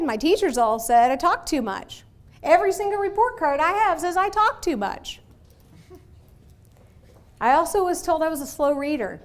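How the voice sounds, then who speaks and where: Woman speaker, high voice, Michigan-Texas accent, animated motivational lecture with audience questions. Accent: mixed Michigan and Texas. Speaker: guest speaker. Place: university lecture hall.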